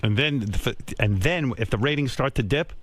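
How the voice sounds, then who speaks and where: An older man hosting a radio show, telling a crude comic story with brash boasting and quick mocking voices. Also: medium pitch, fairly bright tone, no echo. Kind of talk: crude comedic radio banter. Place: radio studio.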